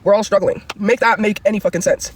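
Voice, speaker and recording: A woman's voice: medium pitch, fairly even intonation, fast talker, slight background noise. A woman livestreamer ranting angrily and profanely, rambling from one grievance to the next.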